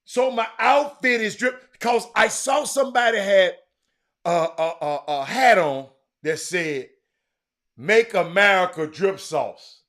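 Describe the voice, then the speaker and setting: Bright, high-pitched man hosting sports talk. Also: a little slow. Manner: animated, teasing, breaks into loud exclamations. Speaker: sports talk show host. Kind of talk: casual live-stream chat reading the comments.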